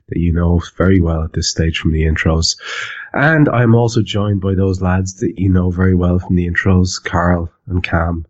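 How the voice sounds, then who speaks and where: Deep-voiced man hosting a podcast. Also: a little mellow. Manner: rambling, hesitant with fillers. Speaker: podcast host. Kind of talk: casual podcast chat. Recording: dull lo-fi recording.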